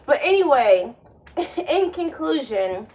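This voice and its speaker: Woman, vlogger, casual monologue, sardonic, rambling, slow delivery. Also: sits high, very animated, darkish tone, slight background noise, low-quality recording. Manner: rambling, sardonic, with frequent restarts.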